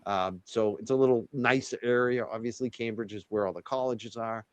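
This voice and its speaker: A man's voice: medium pitch, moderate pace, no room sound, dull audio. A man from the North Shore of Massachusetts with a light Boston accent, chatting casually and rambling as he reads out viewer questions. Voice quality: rambling, self-correcting storyteller.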